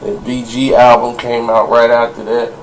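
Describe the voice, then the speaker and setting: Gravelly man rambling through a story. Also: mid-range voice, monotone, moderate pace, a little hiss or hum, low-quality recording. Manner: rambling, hesitant narration. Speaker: commentator in the reviewed video. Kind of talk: casual storytelling commentary.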